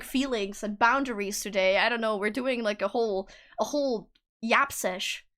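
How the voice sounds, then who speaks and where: A woman's voice: on the high side, fairly bright tone. A young woman streaming live, chatting casually and playfully with her viewers, often breaking into giggles.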